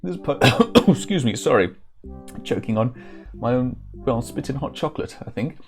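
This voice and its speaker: A man streaming a retro game, reading its text aloud with relaxed, wry asides and frequent self-corrections. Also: mid-range voice, moderate pace, faint music behind.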